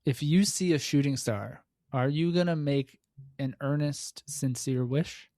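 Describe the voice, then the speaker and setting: A man's voice: mid-range voice, a little slow, warm tone, no room sound, clean studio sound. A man hosting a podcast interview, asking questions in a teasing, playful way. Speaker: podcast host. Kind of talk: casual interview.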